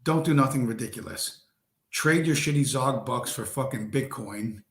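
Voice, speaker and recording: The livestream host, a man, delivers a profane late-night rant to his viewers, his voice worn down and fading. His mid-range voice holds a moderate pace. The setting is a home room with a squeaky chair, and the audio has a roomy echo.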